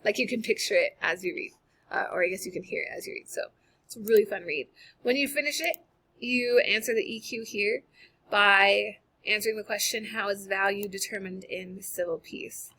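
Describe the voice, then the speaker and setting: Bright-sounding woman teacher going over homework on a screen share, casual and chatty, computer mic. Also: mid-range voice, moderate pace, slightly rough. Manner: casual, upbeat, chatty with fillers. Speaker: high school English teacher. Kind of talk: recorded screen-share lesson walkthrough.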